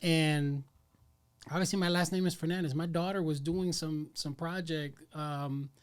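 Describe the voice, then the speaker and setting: Podcast host guy, chatty and relaxed, voice a bit on the high side. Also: a little slow, clean tone. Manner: relaxed, conversational, shares his own stories. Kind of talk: casual interview chat.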